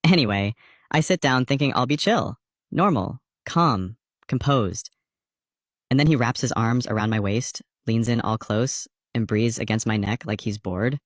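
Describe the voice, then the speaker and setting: A man's voice: mid-range voice, measured pace, dry recording. Male creator, campy confessional monologue, flirty and over the top, dry close mic. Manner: playful, dramatic, flirty oversharing. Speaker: content creator.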